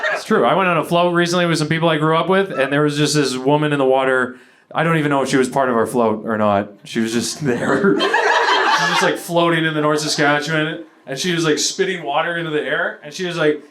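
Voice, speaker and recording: A stand-up comedian from Edmonton, Canada, with a slightly high voice, rambling through his set with fillers and self-mockery. It is a live stage recording with loud noise under the voice.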